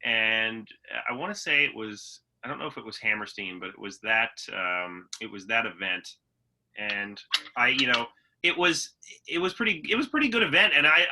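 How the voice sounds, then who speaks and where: A man's voice: mid-range voice, sharp tone, slight background noise, rough recording. A man co-hosting a podcast, chatting in an easygoing way with fillers and restarts. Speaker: podcast co-host. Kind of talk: casual chat.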